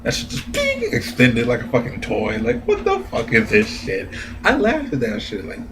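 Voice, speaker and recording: A man giving a casual, profane anime review rant, animated and laughing often. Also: medium pitch, normal speed, noisy background. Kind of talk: casual ranting commentary.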